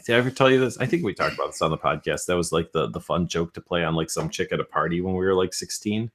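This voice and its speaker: A man's voice: sits low, fast, fairly bright tone, slight background noise. A man co-hosting a casual podcast, telling stories with a joking, wisecracking manner. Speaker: podcast co-host.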